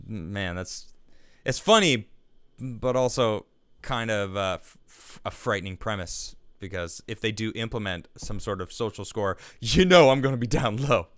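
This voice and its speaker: A man's voice: fairly low pitch, expressive, measured pace, a bit bright, smooth, no room sound, clean studio sound. A man hosting a live stream, chatting casually and reading viewer messages aloud, laughing easily and restarting his sentences. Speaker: livestream show host.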